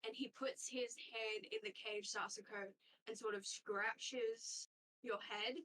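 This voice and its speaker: A woman's voice: a little high, fairly even intonation, takes it slowly, pushed and bright, recorded from a distance, slight background noise, poor audio. A woman as game master narrating a tabletop game, rambling with frequent fillers and casual swearing.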